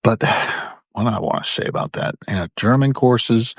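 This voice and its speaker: A man's voice: medium pitch, moderate pace, vocal fry, dry recording, clean studio sound. A man, hosting a live video and telling rambling personal stories, often correcting himself. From Virginia, US. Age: 60s. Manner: meandering, self-correcting. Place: indoor room in an old building.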